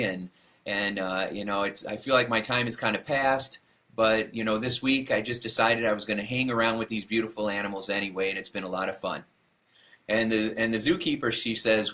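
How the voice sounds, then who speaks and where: Bright-voiced male motivational speaker. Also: lowish voice, a little fast. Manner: animated storyteller acting out quotes, laughs at himself. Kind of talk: motivational talk with storytelling.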